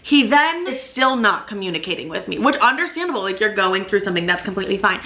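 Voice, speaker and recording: A young woman with a bright, sharp-edged voice tells a personal story straight to her viewers. She talks casually and emphatically, peppering every sentence with "like" and frequent swearing, sounding candid and unfiltered. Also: mid-range voice, sing-song, fast. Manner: emphatic and chatty, heavy swearing and constant "like" fillers. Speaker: YouTube vlogger.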